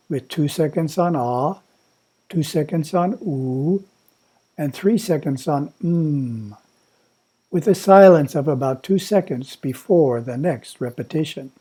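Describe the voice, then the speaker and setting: A man at a monastery reading a prepared spiritual talk in a measured, instructive way. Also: on the high side, mellow, husky. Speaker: monastery teacher.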